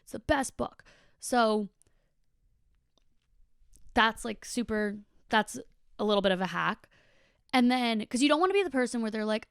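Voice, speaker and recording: Chatty young woman with smooth, dry voice. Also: on the high side, lively intonation, normal speed, long pauses, no echo. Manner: chatty, frequent "like", swears casually. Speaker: podcast host. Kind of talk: casual monologue.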